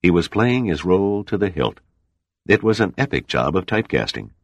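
A man reading an audiobook in a steady, measured scripted narration. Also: low voice, no room sound, studio quality.

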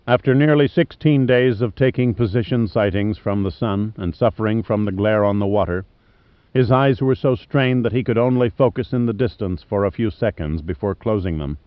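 In a slightly muffled, dry studio with no echo, a low-voiced male narrator reads an adventure novel aloud. His scripted audiobook delivery is measured and even.

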